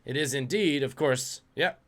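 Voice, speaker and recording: A man's voice: medium pitch, moderate pace, fairly bright tone. A man hosting a live-streamed trivia quiz, reading questions and joking about viewers' guesses. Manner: jokey, reads out questions and chat guesses. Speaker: trivia host.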